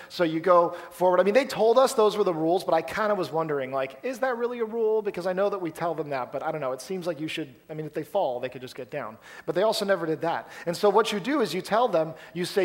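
Animated storytelling male preacher. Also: high-pitched, fast talker, hardly any pauses. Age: adult, past college. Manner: storytelling, animated, acts out quoted voices. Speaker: pastor. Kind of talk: sermon.

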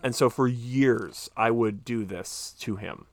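Animated man chatting on a podcast. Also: medium pitch, slow pace, creaky. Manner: animated storyteller, swears freely. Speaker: podcast host. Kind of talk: casual chat.

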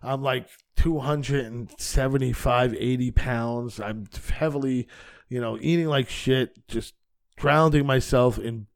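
A man's voice: medium pitch, fairly even intonation, measured pace. Blunt male comedian telling a story. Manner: blunt storyteller who acts out both sides of a conversation. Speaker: podcast guest, stand-up comedian. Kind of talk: casual conversational storytelling.

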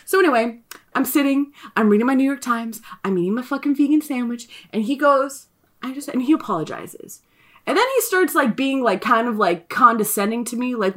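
A young adult woman telling a story in casual chat, animated and profane, full of filler likes. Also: high voice, brisk.

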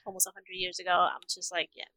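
A woman speaking English as a second language, chatting eagerly and excitably as a guest. Her voice is bright and mid-pitched. The sound is dry. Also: fast, no echo, poor audio. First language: not English. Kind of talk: casual chat.

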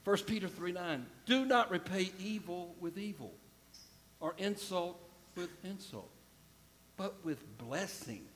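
A male pastor delivers a sermon with emphatic repetition and direct appeals to his listeners. His voice sits a little high for a man. The sound carries a long reverb from a large church hall. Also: expressive, slow pace, fairly bright tone, a little hiss or hum. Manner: emphatic, repeats phrases, addresses congregation directly.

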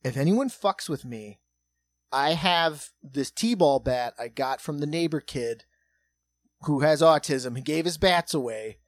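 A man in his thirties hosting a comedy podcast, telling a story casually with lots of swearing. He drops to a hush and then gets loud as it builds. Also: a little high, measured pace, no echo. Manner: profane, animated, swings between hushed and loud.

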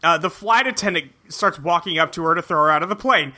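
A woman's voice: fairly low pitch, fast. A woman co-hosting a podcast, casually recapping a cartoon episode with jokes. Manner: animated, jokey storytelling. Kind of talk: casual chat.

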